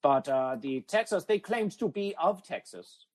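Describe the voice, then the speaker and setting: A man's voice: on the high side, expressive, a little slow, rough recording. A man hosting an absurdist comedy podcast who talks about himself in the third person, speaks formally without contractions and repeats his catchphrases like a chant. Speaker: podcast host. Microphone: phone app audio.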